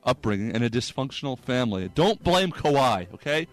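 A man hosting a comedy sports segment, delivering rapid jokes and laughing at his own punchlines. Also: medium pitch, big pitch swings.

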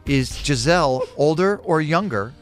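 A man's voice: a little high, lively intonation, a little slow, soft background music. A man hosting a radio quiz segment in the studio, reading trivia questions in an upbeat, punchy way. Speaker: radio show host.

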